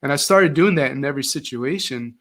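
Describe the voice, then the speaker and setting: A man's voice: mid-range voice, fairly quick. A middle-aged man, a former teacher, telling stories as an interview guest and acting out the voices he quotes. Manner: animated, acts out quoted voices. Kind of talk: casual interview storytelling.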